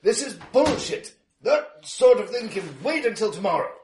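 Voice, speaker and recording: A man's voice: mid-range voice, big pitch swings, moderate pace, a little mellow, a little hiss or hum. A man voicing a blustering, drunk, rich middle-aged commentator who bellows indignantly.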